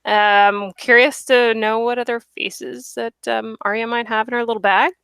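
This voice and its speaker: A woman's voice: on the high side, level tone, moderate pace, vocal fry, a bit bright, smooth, no echo. A woman hosting a live online chat show, talking casually with lots of fillers and giggles. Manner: chatty, giggly, many fillers. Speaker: host.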